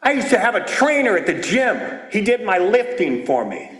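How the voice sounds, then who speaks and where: An older man giving a comedic talk at a recovery meeting, animated and storytelling, breaking into shouts when acting out scenes. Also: high voice, moderate pace. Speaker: AA meeting speaker. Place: meeting room with audience. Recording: roomy echoing meeting hall.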